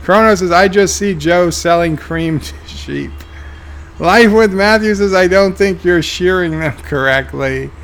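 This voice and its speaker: A man's voice: high voice, unhurried, a bit bright. A man streaming a game, reading viewer comments aloud with dry, offhand replies. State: tired, yawning. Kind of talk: casual live-stream commentary.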